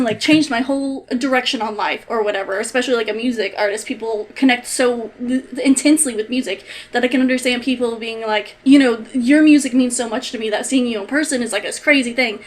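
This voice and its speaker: Woman, high voice, exasperated, swearing a lot, emphatic vlog rant. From United States. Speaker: vlogger. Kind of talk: ranting commentary.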